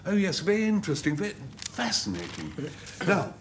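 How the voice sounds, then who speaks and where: A man's voice: high-pitched, wildly swooping pitch, fairly quick, fairly bright tone, a little hiss or hum. A middle-aged man, a team captain on a panel game, teasing and joking. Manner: jokey, teasing.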